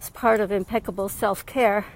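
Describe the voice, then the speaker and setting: A woman's voice: medium pitch, steady tone, moderate pace, rough recording. Woman life coach, casual vlog, winded from walking, earbud mic, faint outdoor noise. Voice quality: slightly out of breath. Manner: chatty and frank, laughs often. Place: outdoors on a windy street. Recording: wind and faint traffic noise.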